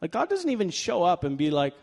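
A male pastor preaching a sermon in a conversational way, swinging from loud emphatic bursts to quiet asides and joking with himself. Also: high voice, wildly swooping pitch, brisk, creaky. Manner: conversational with fillers like "like" and playful self-talk. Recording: long reverb of a large hall.

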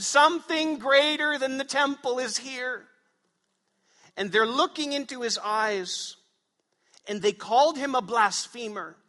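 A male pastor preaching a sermon in a church, his voice high and bright. He presses his points hard and throws questions out to the congregation. The sound rings with a long hall reverb. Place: church sanctuary.

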